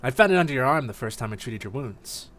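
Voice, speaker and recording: A man voicing a kind female psychic healer creature from a game, gentle and chatty. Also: medium pitch, lively intonation, fast, soft background music, lightly acted. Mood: friendly. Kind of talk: voicing game dialogue on stream.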